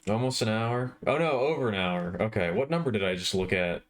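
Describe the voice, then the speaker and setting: A man's voice: on the low side, animated, brisk. A man live-streaming, talking casually to his chat while he draws, often restarting and correcting himself. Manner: rambling, self-correcting, talks to viewers while drawing. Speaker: livestreamer.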